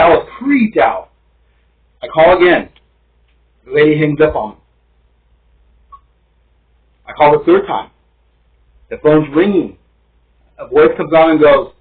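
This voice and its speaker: A man's voice: fairly high pitch, a little fast, breathy edge. A man casually telling a rambling, emphatic first-person story from his studio apartment. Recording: tinny phone-like sound.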